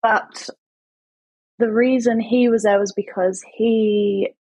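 A woman's voice: on the high side, steady tone, slow, a little mellow, husky, poor audio. A woman in her thirties with an English accent, telling a story in a chatty, self-mocking way as a podcast guest. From England. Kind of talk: casual interview chat.

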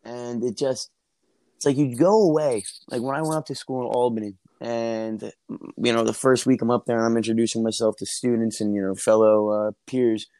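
A man from New Jersey chats as a podcast guest, winding through anecdotes with restarts and easy laughter. His voice sits in a middle pitch and comes through earbuds with a dry, close sound. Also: flat delivery, normal speed, darkish tone, dry recording. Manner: storytelling, restarts, laughs easily. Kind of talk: casual chat. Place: outdoor backyard barbecue.

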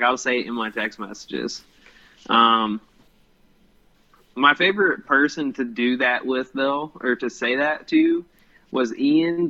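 A man's voice: mid-range voice, fairly bright tone, muffled recording. A young man co-hosting a podcast in casual chat, rambling and hesitant with lots of ums. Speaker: podcast co-host.

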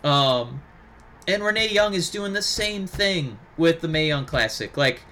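A man co-hosting a podcast in casual chat, talking animatedly and breaking into excited impressions. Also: a little high, a little slow. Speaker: podcast co-host.

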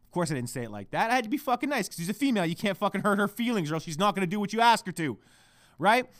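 A man's voice: high-pitched, big pitch swings, racing, dry recording, studio quality. Brief young male podcast host, foul-mouthed ranter, voice leaps up and down. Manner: heavy swearing, swings between shouting and hushed muttering. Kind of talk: profane solo podcast rant.

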